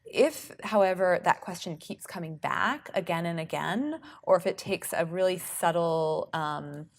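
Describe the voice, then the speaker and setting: A woman therapist giving a relaxed, conversational talk to parents, often filling pauses with "um" and "you know". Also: lowish voice. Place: speaking at a public awareness event.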